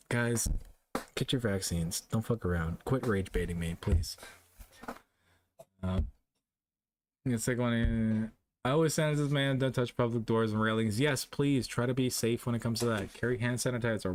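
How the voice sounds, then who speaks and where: Man from Canada, livestreamer reading chat, exasperated and sweary, mid-pitched voice. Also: moderate pace, a little hiss or hum. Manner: exasperated, profane, swings between loud outbursts and low muttering. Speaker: streamer.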